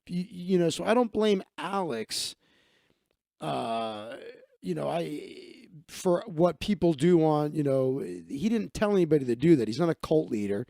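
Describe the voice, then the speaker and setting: A man's voice: fairly high pitch, warm tone, dry recording, studio quality. A man hosting a live stream, telling stories and answering chat in a rambling, profane, casual way. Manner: rambling, profane, quick asides.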